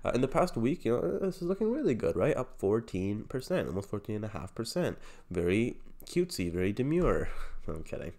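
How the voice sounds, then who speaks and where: A man's voice: mid-range voice, very animated, brisk, dark tone. A young man with a nasal voice, sick with a cold, hosting a casual crypto video and rambling loosely with lots of "like" and "um". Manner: rambling, loose, heavy on fillers like "like" and "um". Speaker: crypto channel host.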